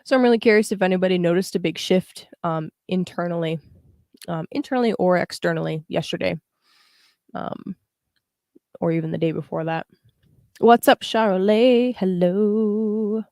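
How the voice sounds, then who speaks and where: A woman's voice: fairly low pitch, brisk, creaky, long pauses, darkish tone, dry recording, clean studio sound. A young woman hosting a casual astrology livestream, chatting with viewers and explaining a chart with plenty of fillers. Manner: chatty, greets live viewers, frequent fillers. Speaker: astrologer and tarot livestream host.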